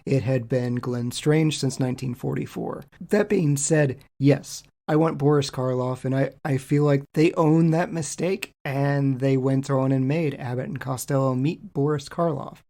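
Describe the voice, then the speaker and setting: A man co-hosting a casual podcast with a warm, mellow tone. He talks in a relaxed, chatty way. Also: mid-range voice, a little slow, vocal fry, few pauses. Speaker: co-host.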